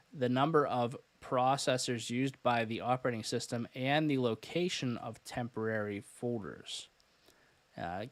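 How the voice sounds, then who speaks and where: A man hosting a live-stream tutorial, talking casually with lots of "uh" fillers and quick self-corrections. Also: mid-range voice, no room sound. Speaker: host and cybersecurity instructor.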